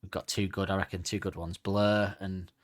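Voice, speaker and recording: Casting note: male co-host, lowish voice, loose rambling podcast chat. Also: little pitch movement, normal speed. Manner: chatty, rambling, hedging asides. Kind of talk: casual music podcast chat.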